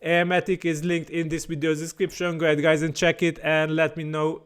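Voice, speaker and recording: Man walking through a software tutorial. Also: on the high side, completely flat delivery, brisk, clean tone. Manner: plain explaining with frequent fillers and restarts. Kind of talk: screen-recorded software tutorial.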